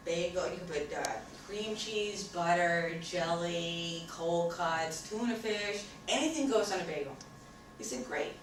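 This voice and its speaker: A woman with a New York accent tells a story to an audience and plays out both people in the conversation. She sounds far from the mic in a very echoey room. A steady hiss of noise sits under her voice. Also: on the low side, unhurried. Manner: animated, acts out both sides of the story. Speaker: speaker on communication.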